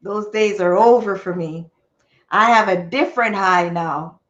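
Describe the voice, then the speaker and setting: A woman hosting a livestream, telling a story to her chat in an animated, expressive way with sound effects. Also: medium pitch, unhurried, muffled recording. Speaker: livestream host. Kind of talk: casual storytelling to a live chat.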